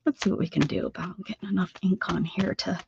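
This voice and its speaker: A woman's voice: on the low side, steady tone, fast, gravelly. A woman hosting an art livestream, chatting casually and muttering to herself while she crafts. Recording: dull lo-fi audio with faint noise.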